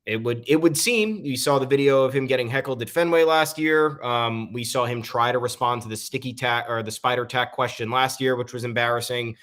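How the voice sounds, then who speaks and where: A man's voice: mid-range voice, a little fast, hardly any pauses, a bit bright. A man co-hosting a casual sports podcast, opinionated and leaning on frequent "um" fillers. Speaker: podcast co-host.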